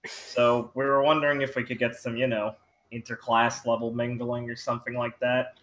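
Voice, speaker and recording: A man speaking in character in a tabletop role-playing game, polite and a bit tentative. His voice is bright and forward, and the room around him rings with echo. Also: mid-range voice, little pitch movement, normal speed. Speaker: player.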